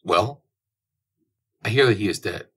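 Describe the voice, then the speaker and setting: A shifty older notary speaks with smooth, ingratiating politeness that hides his aims, in a storybook reading. The voice sits low and husky, a man putting him on. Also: animated, unhurried, sharp tone, exaggerated voice. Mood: sly. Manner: evasive, ingratiating. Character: sly older foreign male notary, shifty.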